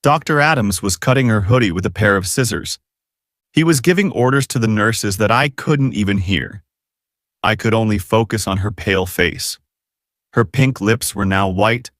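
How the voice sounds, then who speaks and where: A man's voice: lowish voice, normal speed, fairly bright tone, no room sound, studio quality. A man narrating a romance novel audiobook in the first person, with dramatic, emotive storytelling.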